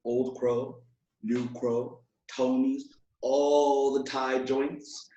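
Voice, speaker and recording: A man's voice: medium pitch, level tone, extremely slow, dark tone, dull audio. Male poet, 20s, from Alaska; playful rhythmic reader, echoey room sound. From Alaska, USA. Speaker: poet guest. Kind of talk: poetry reading and casual chat.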